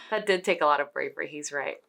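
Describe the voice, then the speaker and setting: A young woman vlogging as she follows a painting tutorial, chatty, playful and excitable. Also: low voice, brisk, vocal fry. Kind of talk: casual reaction commentary.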